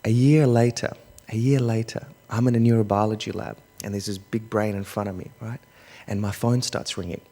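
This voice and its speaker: A young man with an Australian accent telling a personal story to an audience, moving between soft asides and loud bursts. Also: lowish voice, steady tone, brisk. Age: young adult. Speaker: public speaker. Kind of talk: storytelling talk. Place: large hall. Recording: long hall reverb.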